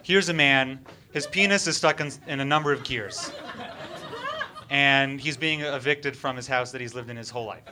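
A man performing a stand-up bit in a mock-serious, deadpan presentation style, with frequent hesitant fillers, on a stage microphone. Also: mid-range voice, normal speed, background noise. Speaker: comedian.

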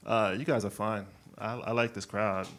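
A man from Brooklyn doing a stand-up set on a club stage, telling stories with lively character bits and laughing at his own jokes. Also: on the low side, normal speed, slight background noise. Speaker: stand-up comedian.

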